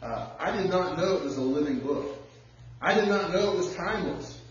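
Male pastor, fairly high voice, folksy storytelling sermon, recorded from far back in a very echoey church with dull sound. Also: lively intonation, slight background noise. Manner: conversational preaching with personal stories, drawling slow emphasis.

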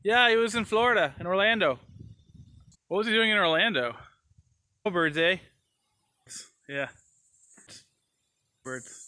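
A man performing a comedy sketch, trading quick back-and-forth lines and tagging them with "eh". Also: high voice, lively intonation, pushed and bright, dry recording. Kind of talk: comedy sketch, playing several people in turn.

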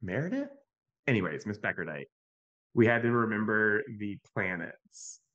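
A man speaking as a podcast guest in an animated, conversational way. He tells stories and often checks in with a quick "right?". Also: on the low side, muffled recording. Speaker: podcast guest, youth mental health advocate. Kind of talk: conversational storytelling.

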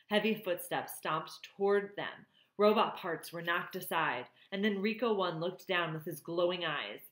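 A woman's voice: lowish voice, fairly bright tone. Woman reading a novel aloud, roomy sound. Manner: pauses to comment on the plot. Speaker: reader.

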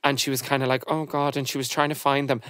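A woman hosting a podcast, chatting in a lively, storytelling way. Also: a bass voice, quick pace, no echo, studio quality. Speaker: podcast host. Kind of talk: casual chat.

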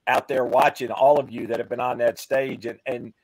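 Firefighter keynote speaker, humble and earnest, husky gravelly voice. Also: male voice, medium pitch, flat delivery, moderate pace, no echo, low-quality recording. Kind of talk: casual chat.

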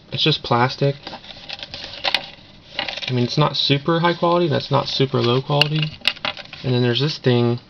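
A man's voice: a little high, gravelly. A man casually talking through an unboxing in a rambling, offhand way with lots of fillers. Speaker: vlogger doing an unboxing. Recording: dull lo-fi camera audio with noise.

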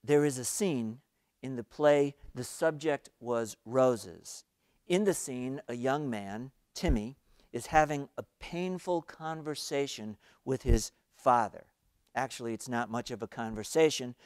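A male pastor preaching an earnest, storytelling sermon for an online worship service, rising in emphasis and then dropping to quiet. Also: mid-range voice, measured pace, smooth, dry recording, clean studio sound.

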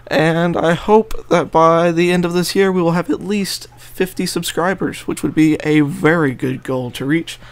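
A man's voice: on the high side, steady tone, moderate pace, hardly any pauses, smooth. A young man hosting his gaming channel, chatting casually and joking as he plays through a game at home, with a fish tank fountain trickling faintly behind him. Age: young adult. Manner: chatty, joking asides, reads game text aloud under his breath. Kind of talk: casual let's play commentary. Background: faint fish tank water trickling.

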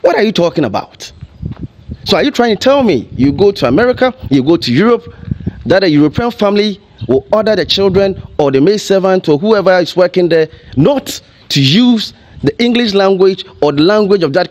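Impassioned Ghanaian man with a lively voice. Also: high-pitched, normal speed. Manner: emotional, full of rhetorical questions. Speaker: TV commentator. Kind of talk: impassioned commentary.

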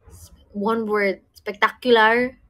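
A woman's voice: fairly high pitch, steady tone, slow pace, sharp tone. A woman co-hosting a livestream, playing a word-guessing game playfully and laughing often. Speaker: livestream co-host.

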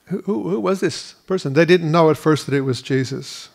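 A man's voice: on the high side, moderate pace, vocal fry. Earnest man preaching a sermon. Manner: earnest, repeats words at restarts. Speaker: pastor. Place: school hall used for church.

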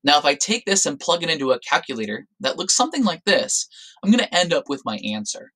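Lively male science teacher explaining. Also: on the high side, fast talker, low-quality recording. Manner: lively, explanatory, stresses key words. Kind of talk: recorded classroom lecture.

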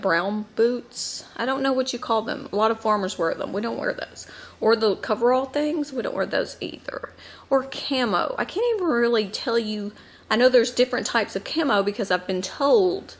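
A woman in her thirties with a Southern US accent talks casually to the camera at home. She rambles easily from one thought to the next, with plenty of ums and side remarks. Her pitch sits in a middling range. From Southern United States. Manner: chatty and rambling, with many ums and asides. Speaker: mom vlogger.

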